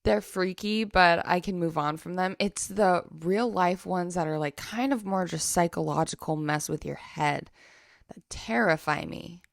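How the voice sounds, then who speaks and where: A young woman co-hosting a podcast in casual chat, her voice hoarse and sleepy. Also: on the low side, measured pace, dry recording, studio quality. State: hoarse, sleepy after a wedding. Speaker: podcast co-host.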